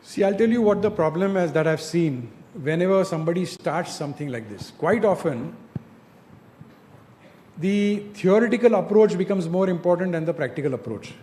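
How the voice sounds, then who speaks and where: A man's voice: high voice, expressive, moderate pace, warm tone. A man giving direct, coaching advice to students in an informal talk, often asking rhetorical questions. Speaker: industry speaker mentoring students.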